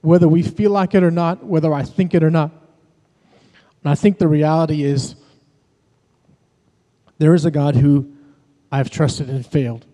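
A man's voice: on the high side, fairly even intonation, moderate pace, pauses often, mellow. A man, a pastor and worship leader, preaching a sermon in a conversational way, telling personal stories to his congregation. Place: church sanctuary. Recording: long reverb of a large hall.

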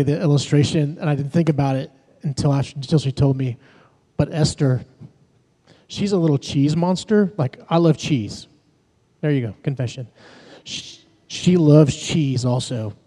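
Male pastor, conversational sermon, dark mellow voice, long reverb of a church hall. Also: mid-range voice. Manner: conversational preaching with personal stories. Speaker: pastor and worship leader. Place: church sanctuary.

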